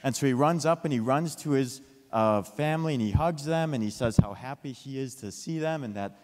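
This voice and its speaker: A man telling a children's story with a lesson, lively and asking his listeners questions. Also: mid-range voice, fairly quick. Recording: long hall reverb.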